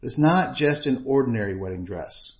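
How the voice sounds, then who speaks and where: A man preaching a sermon in an earnest, measured, emphatic way. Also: mid-range voice, animated, highs cut off.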